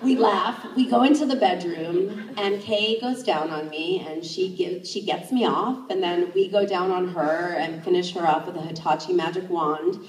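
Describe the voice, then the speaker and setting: Animated woman telling a story, roomy. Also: moderate pace, few pauses. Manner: animated, acts out her own inner thoughts in jumps of pitch. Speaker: sex educator. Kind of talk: live first-person storytelling. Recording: roomy, distant stage mic.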